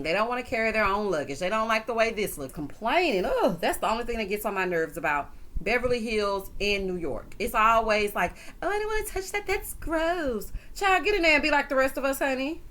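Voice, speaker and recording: A woman recapping a reality show in a sassy, animated chat, calling people honey and child. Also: a little high. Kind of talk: casual recap commentary.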